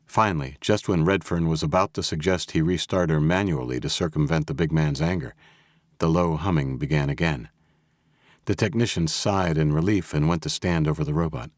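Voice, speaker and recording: A man narrating a thriller audiobook in a steady, even storytelling manner. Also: rumbling low, normal speed, dry recording. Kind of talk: scripted narration. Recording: dry close studio audio.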